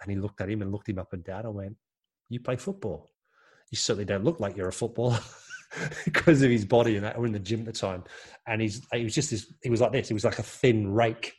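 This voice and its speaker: Low-voiced man telling rambling anecdotes. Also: steady tone, fast talker, a little mellow, husky. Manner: rambling, self-correcting anecdotes. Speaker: former footballer and co-host. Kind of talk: casual storytelling chat.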